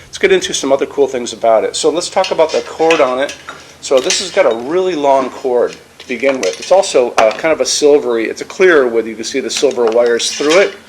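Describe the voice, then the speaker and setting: A man's voice: medium pitch, lively intonation, fairly quick, noisy background. A man from the United States presenting a lamp in a casual, enthusiastic way, with many fillers and restarts. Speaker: lighting store presenter. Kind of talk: product demonstration.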